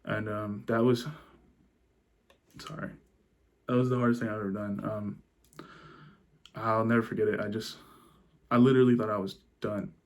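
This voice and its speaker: Subdued, halting young man. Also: on the low side, little pitch movement. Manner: subdued and halting, with many restarts. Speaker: vlogger. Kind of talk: personal storytelling.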